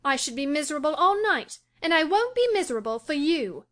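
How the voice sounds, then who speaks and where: Woman reader playing a high, swooping, headstrong young lady in an audiobook. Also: big pitch swings, brisk, a bit bright. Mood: insistent. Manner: shrill, high-strung pleading. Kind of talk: audiobook character voice.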